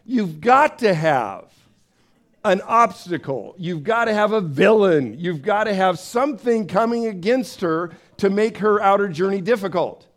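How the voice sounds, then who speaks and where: Pastor, male, slightly high voice, lively sermon delivery, acts out the characters. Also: unhurried. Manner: animated storyteller, acts out voices with big pitch swings; conversational, with fillers and restarts.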